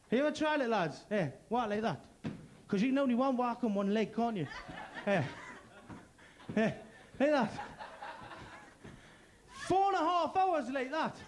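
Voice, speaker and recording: Geordie man, stand-up comedian, very high voice, crude punchy jokes, crowd banter, faint noise behind. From Gateshead, North East England.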